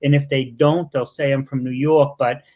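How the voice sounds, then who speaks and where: A man's voice: medium pitch, fairly even intonation, moderate pace, darkish tone. Bostonian man hosting an interview. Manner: effusive and joking, many fillers. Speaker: interviewer and show host. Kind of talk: casual live-stream interview.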